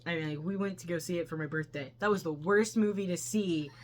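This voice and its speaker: A woman's voice: on the low side, brisk, darkish tone. A woman co-hosting a casual movie review chat from her couch at home, chatty and laughing often. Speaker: co-host of a movie review show. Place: living room couch at home.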